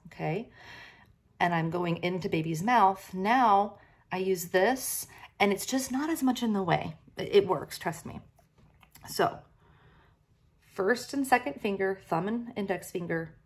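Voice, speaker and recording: A woman's voice: on the low side, vocal fry, breathy edge. A woman who is a breastfeeding medicine physician, giving a friendly hands-on demonstration and often checking in with "okay?".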